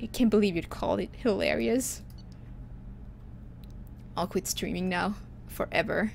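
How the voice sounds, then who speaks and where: A woman's voice: mid-range voice, measured pace, creaky, long pauses, a little hiss or hum. A woman streaming a video game, chatting casually with a giggly, self-mocking manner. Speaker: gaming streamer. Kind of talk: casual let's-play commentary.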